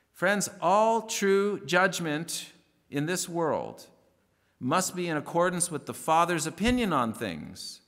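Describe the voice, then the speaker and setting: A male pastor delivering a sermon in an earnest, emphatic way, slowing down to read scripture verses. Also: on the high side, fairly bright tone, big-room sound. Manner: earnest preaching, rising emphatic stresses, slows to read verses. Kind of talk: radio sermon.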